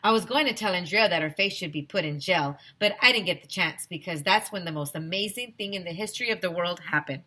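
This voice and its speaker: A woman's voice: fairly low pitch, fast talker, hardly any pauses, sharp tone. A woman teacher reading a children's chapter book aloud to young listeners, telling it expressively with many voices.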